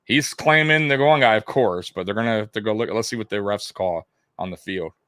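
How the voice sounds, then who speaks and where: A man co-hosting a casual live football watch party, talking in a loose, animated way, laughing often and repeating himself. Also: on the low side, fairly quick, smooth, no room sound, clean studio sound. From half Italian heritage. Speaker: co-host of a sports watch-party stream.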